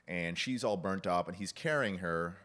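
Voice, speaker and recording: A man chatting casually about films, telling animated stories and acting out the characters' lines. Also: sits low, moderate pace. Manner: animated storytelling, acts out quoted lines, laughs often. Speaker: podcast guest discussing film. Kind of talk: casual chat.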